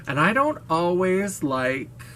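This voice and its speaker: A woman's voice: on the low side, big pitch swings, slow pace, a bit bright, slight background noise. Frank, gushing woman vlogger. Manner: gushing, playful and frank, with swearing and laughs. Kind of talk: casual chat to camera.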